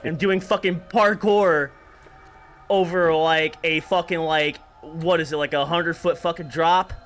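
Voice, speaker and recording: A man chatting casually during gameplay, excitable and swearing freely. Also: fairly high pitch, unhurried, faint music behind. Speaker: gameplay co-host.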